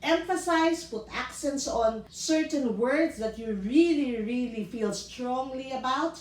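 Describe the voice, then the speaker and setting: A woman's voice: high-pitched, slow pace, few pauses, recorded from a distance. A woman with a Filipino accent teaching public speaking in a video lesson, talking emphatically and slipping into Tagalog now and then. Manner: emphatic, demonstrative, switches into Tagalog. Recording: echoey room, voice set back from the mic.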